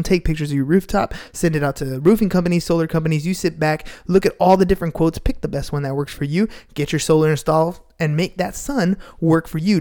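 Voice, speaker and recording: Male podcast host, energetic sponsor-read delivery, quite high pitch. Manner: upbeat salesy pitch.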